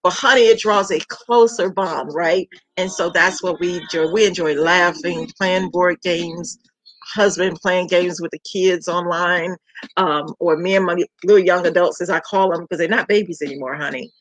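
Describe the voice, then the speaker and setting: A middle-aged woman from Georgia with a Southern accent, hosting her food page in a warm, chatty welcome talk that repeats words for emphasis. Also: on the low side, steady tone, normal speed, no room sound, poor audio. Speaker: home cook and food page host. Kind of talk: casual heartfelt welcome chat.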